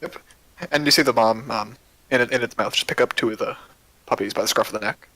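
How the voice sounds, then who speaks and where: Bright-voiced man running a tabletop game. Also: mid-range voice, no room sound, poor audio. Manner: loose, halting narration with many fillers. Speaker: game master.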